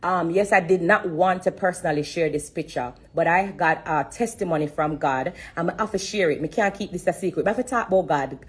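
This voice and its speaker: Low, husky woman testifying. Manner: emotional, fighting back tears, pausing to breathe; religious, repetitive phrasing. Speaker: live streamer sharing her story. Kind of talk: emotional live-stream testimony.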